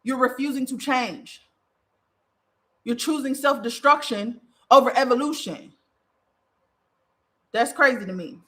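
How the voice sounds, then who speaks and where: A woman's voice: sits high, a little slow, pauses often, bright, forceful tone. A woman podcast host giving a spiritual monologue, fiery and profane, repeating phrases for emphasis.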